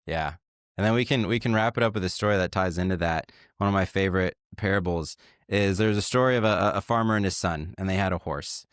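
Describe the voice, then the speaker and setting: A man co-hosting a podcast in casual chat, thoughtfully telling parables and trailing off quietly at the ends of lines. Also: low voice, fast talker, clean tone, dry recording, clean studio sound. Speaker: podcast co-host.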